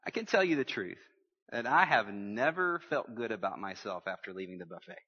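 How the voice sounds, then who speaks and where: Male pastor, animated and joking with the congregation, dull lo-fi audio. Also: fairly low pitch, brisk, breathy edge, in a large hall. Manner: lively preaching with humor and audience call-outs. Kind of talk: sermon.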